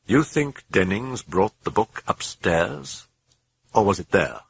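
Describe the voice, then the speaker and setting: An earnest priest weighing his words, measured and serious, as a narrator plays him. The voice is deep and raspy, with a gravelly undertone. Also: very animated, no echo, heavily acted. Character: troubled, earnest male priest.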